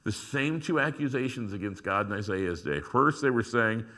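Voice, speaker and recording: Pastor, male, sermon delivery: bright, lively pitch, swings from hushed to emphatic. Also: normal speed. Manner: acts out prayers and complaints to God in dramatic voices; rises from quiet reflection to loud emphasis.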